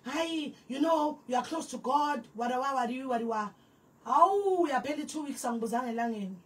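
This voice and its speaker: South African woman, young, interview guest; brisk, bright storyteller who mimics others, recorded from a distance. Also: high-pitched. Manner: lively, acts out quoted voices and switches between languages. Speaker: guest, former church disciple.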